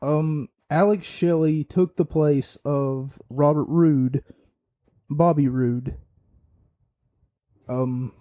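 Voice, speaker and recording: A man's voice: fairly high pitch, fairly even intonation, extremely slow, pauses often, dark tone. A man hosting a podcast, giving an opinionated, rambling wrestling review with many fillers and restarts. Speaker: podcast host.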